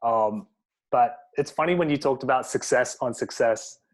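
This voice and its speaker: A man's voice: mid-range voice, moderate pace. Man, podcast host, casual chatty interviewer, mid-range voice. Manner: relaxed, chatty, filler-heavy.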